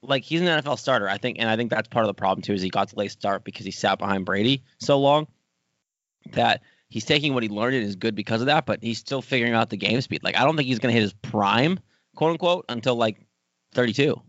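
A man's voice: medium pitch, fast, fairly bright tone, no echo, lo-fi sound. Laid-back man chatting about football. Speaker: podcast co-host. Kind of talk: casual sports chat.

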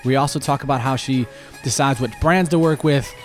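Male podcast host, medium pitch, jokey banter, faint music behind. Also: a little fast. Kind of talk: casual chat and ad read.

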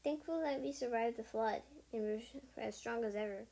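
A woman's voice: on the high side, moderate pace, mellow, natural voice. Woman reading as Squirrelflight, anxious she-cat warrior. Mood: worried. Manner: plain reading voice with small slips. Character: she-cat warrior deputy, worried and proud. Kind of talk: storybook reading in first person.

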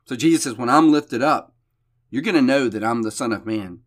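A man of middle pitch gives a devotional Bible teaching for his podcast. He reads the passage aloud, then unpacks it in a loose, conversational way, often stumbling and repeating a word before going on. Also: fairly quick. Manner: conversational with frequent restarts and repeated words.

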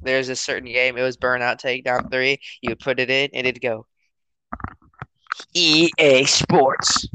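A teenage man co-hosting a podcast in casual chat, rambling and acting out his parents in loud quotes. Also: mid-range voice, little pitch movement, fairly quick, hardly any pauses, slight background noise, rough recording. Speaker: podcast co-host.

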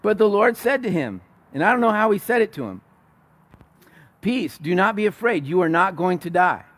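A man preaching a sermon, retelling a story with animated, acted-out quotes and frequent restarts. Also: high-pitched, normal speed. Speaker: pastor.

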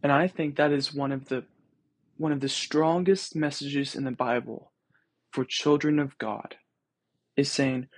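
A man's voice: mid-range voice, normal speed, slightly rough, no echo. A young man hosting a podcast, reflecting on scripture in a casual, earnest way with many ums and restarts. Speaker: podcast host.

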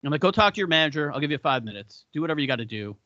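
Bright, profane man telling stories. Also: fairly high pitch, very fast, no room sound, muffled recording. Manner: profane, animated storyteller who acts out quotes. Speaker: podcast co-host. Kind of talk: casual storytelling chat.

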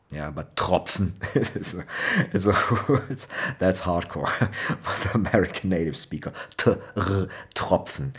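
A man from Cologne with a Rhenish German accent, a native German speaker, casually explaining his dialect in English, rambling with many fillers, restarts and laughs. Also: extremely low pitch. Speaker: language explainer.

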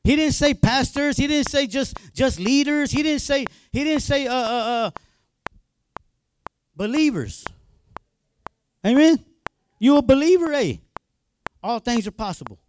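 A man preaching with an unusually high voice for a man. He talks in a loose, colloquial way and stumbles over repeated words as his excitement builds. A faint hiss sits under the recording. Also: measured pace, pauses often. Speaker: minister. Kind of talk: sermon.

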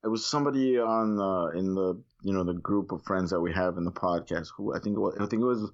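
Brief: late-thirties male guest, low voice, loose rambling talk, cursing, dull lo-fi call audio. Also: fast. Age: 30s. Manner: rambling, swears freely, many fillers. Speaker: podcast guest. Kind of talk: casual chat.

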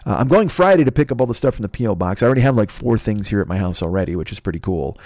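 A man's voice: fairly low pitch, lively intonation, very fast, a little mellow, no echo, studio quality. A man from Chicago hosting a podcast from home, delivering a profane, exasperated comedic solo rant. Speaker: podcast host. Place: his home.

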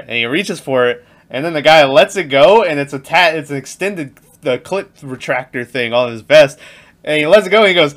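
Man, podcast co-host, casual movie chat, bright tone, animated retelling. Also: on the high side, brisk. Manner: animated, laughs while retelling scenes.

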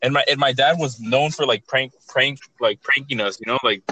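A man's voice: medium pitch, a little fast, bright, forceful tone, low-quality recording. A young man telling creepy stories in a casual chat, rambling with heavy slang, swearing and many restarts.

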